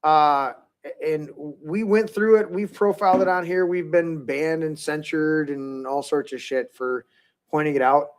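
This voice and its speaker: A man's voice: on the high side, fairly even intonation, unhurried. Rambling, swearing man hosting a podcast. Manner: rambling, swears freely, restarts often. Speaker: podcast host. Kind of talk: casual political chat.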